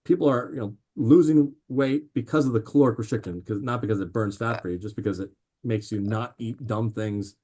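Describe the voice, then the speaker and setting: A man talking as a guest on a podcast, telling animated stories with lots of fillers and restarts. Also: fairly low pitch, brisk. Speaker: podcast guest, drink company founder. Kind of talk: casual interview chat.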